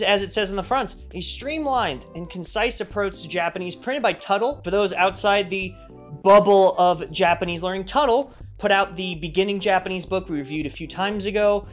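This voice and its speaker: A man giving a casual, energetic textbook review vlog, joking and poking fun at himself, with big jumps in pitch. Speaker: language-learning reviewer.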